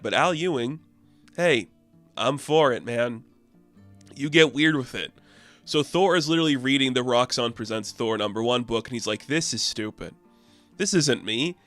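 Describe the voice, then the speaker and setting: A man recapping a comic book issue in a chatty, loose, excitable way. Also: mid-range voice, clean tone, no room sound. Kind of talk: casual review recap.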